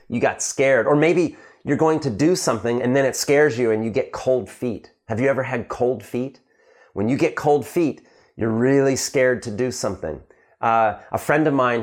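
A man gives an English slang lesson at an everyday pitch. He acts out little example lines and keeps tagging his points with a questioning "right?". He speaks plainly and patiently to learners. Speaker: English teacher.

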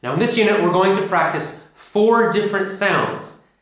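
A man teaching an English pronunciation lesson, drilling sounds and words slowly and emphatically. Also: high-pitched, lively intonation, fairly bright tone. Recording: echoey room.

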